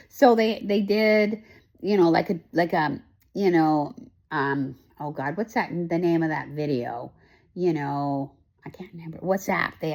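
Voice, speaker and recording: A woman hosting a casual chat, recapping a TV show with lots of emotion, rambling with many fillers and restarts. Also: mid-range voice. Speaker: host.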